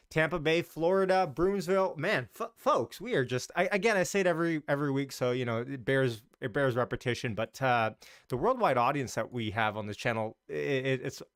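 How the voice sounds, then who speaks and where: A man's voice: fairly high pitch, fairly bright tone, clear, resonant tone, no echo, clean studio sound. A man hosting a casual live stream about the market, chatty and loose, greeting viewers as he talks. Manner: talks in loose, restarting sentences.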